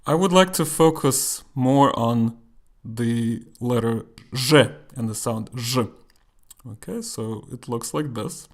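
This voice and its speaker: A man teaching a language lesson, explaining slowly and carefully and repeating example words, a native Russian speaker. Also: medium pitch.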